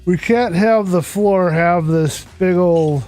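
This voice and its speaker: Over game music, a weary man streams himself building in Minecraft, speaking slowly in a high-sitting voice with a darkish tone. His live commentary is casual, muttering to himself as he works and saying hello to chat.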